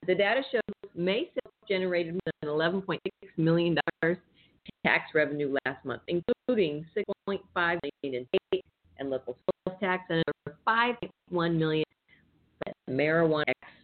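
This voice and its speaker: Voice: medium pitch, moderate pace. A radio show host who reads out news items and then riffs on them casually, with swearing and laughter. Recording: tinny phone-like sound.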